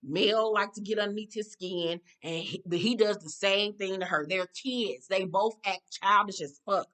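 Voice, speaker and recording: A woman's voice: medium pitch, moderate pace, a bit bright. A woman giving a blunt, profane, casual recap of a reality TV episode, talking like an exasperated friend. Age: adult.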